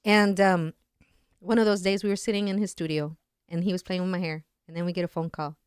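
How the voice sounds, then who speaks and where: Woman in her 30s guesting on a podcast, lowish voice, dry close sound, acts out people as she talks. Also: brisk, smooth, no echo. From Latin America. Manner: animated, acts out quoted voices. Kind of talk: casual storytelling.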